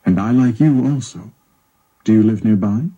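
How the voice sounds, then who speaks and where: Gentle male hermit, quiet, reassuring, husky dark voice, read by a man. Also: on the low side, moderate pace, highs cut off.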